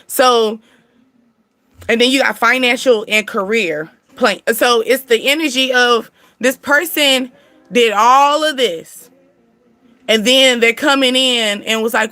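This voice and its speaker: A woman's voice: on the high side, pushed and bright. A woman giving a casual spiritual reading to her viewers, chatty and slangy, laughing often and talking straight to them. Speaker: spiritual reader and channel host.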